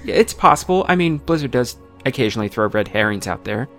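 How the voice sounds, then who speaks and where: A man's voice: mid-range voice, lively intonation, a bit bright, soft background music. A man hosting a gaming podcast, reading out listener tweets in casual chat with many fillers and restarts. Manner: halting, full of fillers and restarts. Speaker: podcast host.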